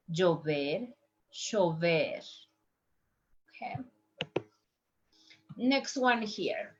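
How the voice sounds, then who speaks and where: A woman teaching Spanish to healthcare workers, saying each word slowly three times for listeners to copy. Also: medium pitch, highs cut off. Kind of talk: language lesson for healthcare workers.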